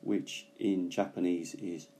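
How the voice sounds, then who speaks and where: A man teaches English vocabulary in a relaxed, unhurried way. His voice is low and mellow, and he pauses often to think aloud. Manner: slow, thoughtful, with many pauses and fillers. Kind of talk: casual bilingual language lesson.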